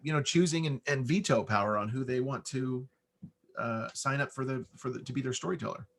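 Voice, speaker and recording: Relaxed guy-next-door American man. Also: medium pitch, brisk, vocal fry. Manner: relaxed, conversational, easy-going. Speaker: voice-over artist. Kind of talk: casual interview talk.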